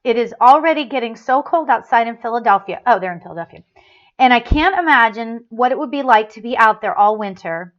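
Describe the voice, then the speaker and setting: A woman with a slightly high voice hosts a spiritual call-in show, speaking briskly and with animation. She chats casually, reads a story aloud with feeling, and often laughs and restarts her sentences, all in dull lo-fi sound.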